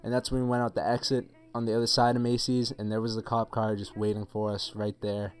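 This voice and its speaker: A man's voice: on the low side, monotone, a little fast, clean tone. A young man telling a story for his video channel in a casual, rambling, profane way, full of "like" and "um". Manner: rambling, profane, filler-heavy retelling. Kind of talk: casual story-time monologue.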